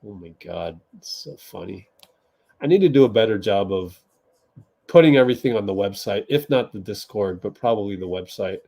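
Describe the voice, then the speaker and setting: A man's voice: fairly low pitch, expressive, normal speed, vocal fry, warm tone. A man hosting a casual livestream watch party, chatting with viewers, laughing often and typing as he talks. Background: keyboard typing.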